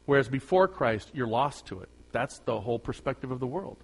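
A man's voice: medium pitch, expressive, brisk, hardly any pauses, husky. A middle-aged man preaching a conversational sermon, joking with the congregation and rising to emphatic bursts. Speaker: pastor.

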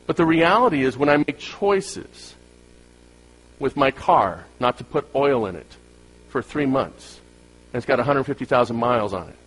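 A man preaching a sermon, moving between loud emphatic peaks and quiet asides and acting out everyday stories. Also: medium pitch, husky, poor audio. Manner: folksy storytelling with acted-out quotes and laughs. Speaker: pastor.

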